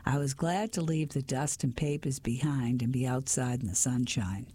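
A narrator reading a mystery story in a soft, steady whispered role-play. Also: mid-range voice, normal speed, husky, no room sound.

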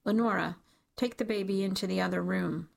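A man's voice: high-pitched, steady tone, brisk, creaky. A woman voicing a stern, cold middle-aged father in an audiobook, speaking curtly and with disdain. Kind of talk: audiobook character reading.

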